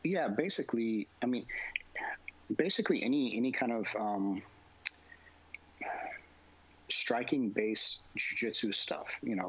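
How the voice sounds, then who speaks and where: Low-voiced man talking in circles. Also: a bit bright, breathy edge, lo-fi sound. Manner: rambling, heavy on fillers and restarts. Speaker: jiu-jitsu instructor. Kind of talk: casual interview talk.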